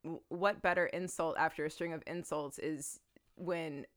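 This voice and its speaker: A woman co-hosting a casual film podcast, relaxed and thoughtful, with soft laughs. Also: deep voice, moderate pace. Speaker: podcast co-host.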